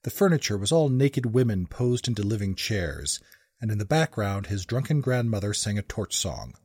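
A man's voice: lowish voice, sing-song, moderate pace, darkish tone, slightly rough, no room sound, clean studio sound. A man narrating a comic fantasy story aloud with wry joking asides.

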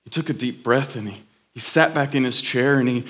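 A man's voice: mid-range voice, fairly quick, fairly bright tone. A man preaching a sermon, telling a story dramatically and building emphatic lists. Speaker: worship leader preaching.

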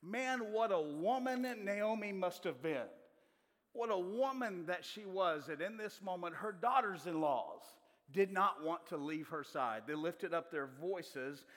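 A man's voice: high voice, lively intonation, measured pace, fairly bright tone. A male preacher delivering a sermon, asking the congregation questions as he goes. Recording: long reverb of a large hall.

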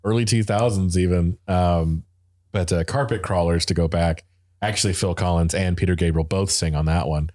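A man with a very deep, low voice chats casually about music. He rambles with enthusiasm, full of fillers and restarts. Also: steady tone, normal speed, darkish tone.

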